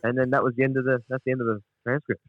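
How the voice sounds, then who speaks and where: A man's voice: mid-range voice, level tone, racing, no room sound, narrow, tinny audio. An Australian man co-hosting a podcast, chatting casually with lots of fillers and swearing. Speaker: podcast co-host. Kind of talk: casual chat, retelling a transcript.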